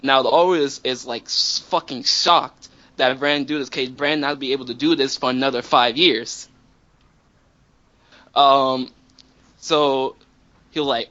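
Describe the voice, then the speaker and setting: A man's voice: mid-range voice, steady tone, unhurried, long pauses, bright, forceful tone. A man casually telling a long story to friends, rambling and profane with many restarts. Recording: dull lo-fi recording.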